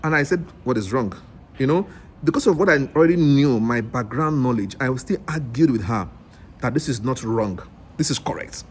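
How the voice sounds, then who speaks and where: A man's voice: medium pitch, normal speed, slight background noise. A Nigerian man telling a story in a casual vlog, acting out the other people's lines and often restarting his sentences. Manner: animated, acts out dialogue with rambling restarts. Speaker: English teacher vlogger.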